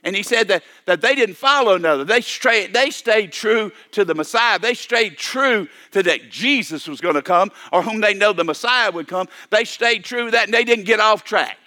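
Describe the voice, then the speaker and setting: A man's voice: high-pitched, lively intonation, normal speed, hardly any pauses, bright, forceful tone. An older man preaching a sermon, repeating and restarting his phrases and calling for amens. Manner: repetitive, stammering restarts, calls for amen.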